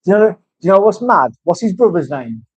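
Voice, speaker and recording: A man's voice: high voice, sing-song, quick pace, slightly rough, dry recording. A man in casual chat, rambling and swearing through banter in a tattoo studio. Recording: dull, dry lo-fi sound.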